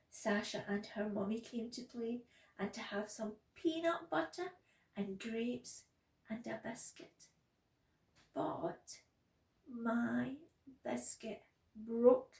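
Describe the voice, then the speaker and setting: A woman who works at a nursery, reading a picture book aloud to young children in a gentle, expressive way. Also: a little high, vocal fry, echoey room, recorded from a distance, rough recording. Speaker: nursery practitioner.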